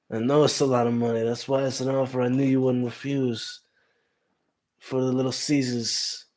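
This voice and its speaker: A man putting on an impression of a gruff mobster-type movie actor, with drawn-out tough-guy bluster. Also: medium pitch, a little mellow, pitched above the performer's own voice, lightly acted.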